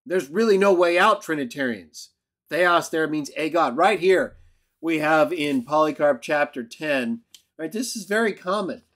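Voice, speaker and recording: A man's voice: fairly high pitch, expressive, a little slow, fairly bright tone. A man teaching a Bible lesson in a video, argumentative and emphatic, who keeps checking in with "right?". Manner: emphatic outbursts. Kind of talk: lecture-style video commentary.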